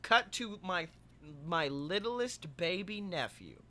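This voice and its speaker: A man's voice: high-pitched, takes it slowly. A young man co-hosting a podcast, chatting casually and acting out funny stories with lots of swearing. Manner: animated storyteller, swearing, acting out quotes. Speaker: podcast co-host. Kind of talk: casual chat.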